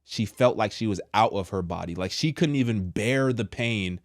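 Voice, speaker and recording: A man with a fairly low voice tells a personal story in an animated, slangy way, slipping into the voices of the people in it. The sound is dry and close, with no room echo. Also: normal speed. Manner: animated, acts out quotes with slang. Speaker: storyteller sharing a testimony.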